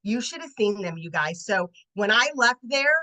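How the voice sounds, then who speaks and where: A woman in her late forties, a network marketing consultant, telling an animated sales story on a team training video call. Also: mid-range voice, normal speed, rough recording. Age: 40s. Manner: animated, acts out voices in her stories.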